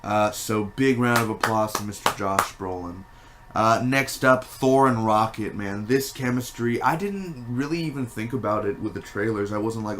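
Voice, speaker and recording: Rambling low-voiced man reviewing a film. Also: moderate pace, a little hiss or hum. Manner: rambling and animated, many fillers and restarts. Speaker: movie reviewer. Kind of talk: casual spoken film review.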